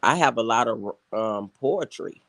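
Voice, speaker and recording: A man in a casual group chat, giving steady advice with frequent ums. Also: medium pitch, a little slow, no room sound. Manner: advising, steady, filler-heavy.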